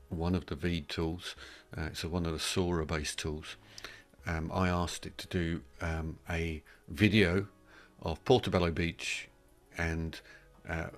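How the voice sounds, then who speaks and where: Very deep gravelly male co-host. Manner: rambling, thoughtful, trailing off quietly. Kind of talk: casual live stream chat.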